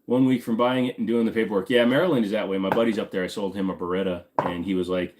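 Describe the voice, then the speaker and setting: A man sits hosting a casual live question-and-answer stream, answering chat in a rambling, joking way. His voice sits a bit low. He is from Virginia and talks while fiddling with things on his desk. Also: fairly even intonation, fast talker, hardly any pauses, a little mellow, a little hiss or hum.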